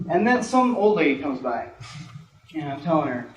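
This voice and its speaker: A man performing a stand-up comedy routine on a small stage, animated and jumping into squeaky voices for the people he quotes. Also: moderate pace, highs cut off. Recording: echoey room from far off, noisy.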